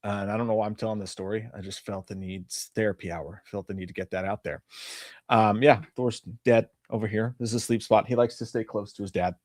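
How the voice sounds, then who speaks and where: A man's voice: fairly low pitch, steady tone, a little fast, a little mellow, no echo, clean studio sound. A man in his thirties co-hosting a casual live-stream chat show, rambling through stories and swearing freely. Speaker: podcast co-host.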